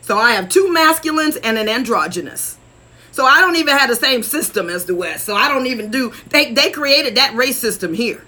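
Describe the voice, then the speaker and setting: A woman relationship coach talking straight to her viewers in a preachy, animated way, laughing often and calling them y'all. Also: fairly high pitch, brisk. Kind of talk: casual direct-to-camera talk.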